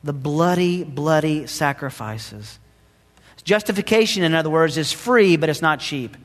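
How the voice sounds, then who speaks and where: A man preaching in a church, his fairly high voice ringing out with a long hall reverb behind it. He is dramatic, rising into loud emphasis and then dropping to hushed asides. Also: animated, measured pace. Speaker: pastor. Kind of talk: sermon.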